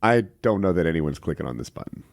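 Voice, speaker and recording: A man co-hosting a podcast, making laid-back deadpan asides. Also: very deep voice, quick pace, vocal fry, no room sound. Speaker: podcast co-host. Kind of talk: casual chat.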